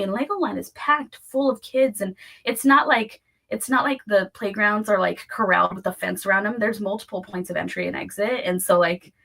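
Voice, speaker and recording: A woman in her thirties with a bright, forward voice, co-hosting a relaxed talk show. She talks in a chatty, rambling way and fills her sentences with "like.". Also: mid-range voice, gravelly, breathy edge. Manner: chatty, lots of fillers like "like". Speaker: podcast co-host. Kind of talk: casual chat.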